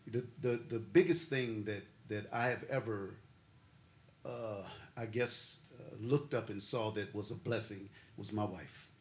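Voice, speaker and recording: A man's voice: on the low side, fairly even intonation, measured pace. An older man giving a heartfelt, emotional acceptance speech at an awards ceremony. He talks with laughter and builds his points through repeated, preacherly phrases. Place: ceremony hall. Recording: echoey hall with faint noise.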